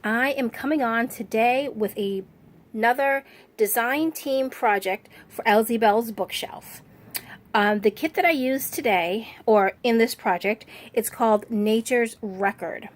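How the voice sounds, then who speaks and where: A woman's voice: fairly high pitch, unhurried. A woman hosting her craft channel, walking viewers through a handmade journal in a chatty, friendly way, talking around a cough drop. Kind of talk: casual craft walkthrough.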